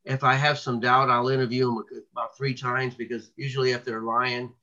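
Rambling bright-voiced man, lo-fi sound. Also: mid-range voice, level tone, a little fast. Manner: rambling storyteller with many restarts and fillers. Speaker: cryptid researcher guest. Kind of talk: casual interview talk.

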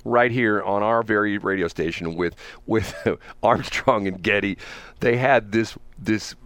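A man's voice: fairly low pitch, unhurried, fairly bright tone, dry recording. A middle-aged man hosting a radio talk show, telling stories in casual banter and laughing often. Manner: chatty, laughing storyteller.

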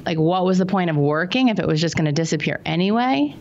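A woman's voice: lowish voice, expressive, fast talker, darkish tone, highs cut off. A woman guest on a podcast, a money coach telling client stories in an earnest, casual way. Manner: earnest, anecdotal, acts out quotes. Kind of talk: casual interview storytelling.

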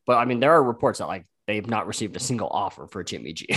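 A man's voice: on the low side, expressive, fast talker, a bit bright, slightly rough. A man co-hosting a casual sports podcast, talking in an easygoing way with many fillers like um and like. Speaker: podcast co-host.

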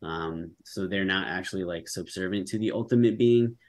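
Deep-voiced man rambling through his answer. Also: moderate pace, a little mellow. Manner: rambling, heavy on fillers like "like" and "um". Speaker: debater. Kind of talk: unprepared debate answer.

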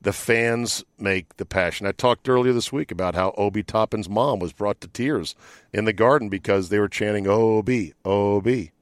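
Blunt, profane podcast host. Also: male voice, fairly low pitch, no room sound, studio quality. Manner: blunt and profane, talking fast when riled. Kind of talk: casual sports chat. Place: inside a van used as a studio.

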